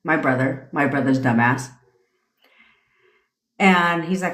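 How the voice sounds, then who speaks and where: A woman's voice: deep voice, unhurried, pauses often, a bit bright. A woman hosting a live stream, telling stories in a brash, profane, casual rant. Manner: profane, brash storytelling with frequent laughs. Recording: echoey room.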